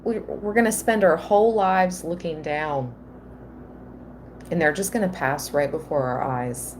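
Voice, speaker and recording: A woman giving a live tarot reading, slow and earnest, at times emotional. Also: deep voice, a little mellow, a little hiss or hum. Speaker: tarot reader.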